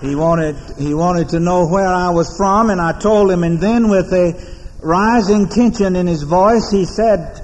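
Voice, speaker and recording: American male pastor, high voice, solemn measured sermon delivery, long church reverb. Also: a little mellow. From United States. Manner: measured, solemn oratory with deliberate pauses. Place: large church sanctuary.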